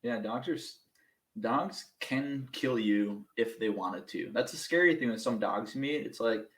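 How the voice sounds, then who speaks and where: A young man, a podcast guest, telling casual stories in an animated, self-mocking way and laughing through them. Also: mid-range voice, measured pace, echoey room, low-quality recording. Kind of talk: casual storytelling.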